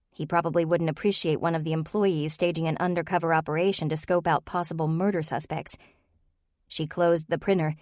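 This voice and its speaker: A woman reading a cozy mystery novel aloud in a steady, even manner. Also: low voice, no room sound, clean studio sound. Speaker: audiobook narrator. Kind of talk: scripted narration.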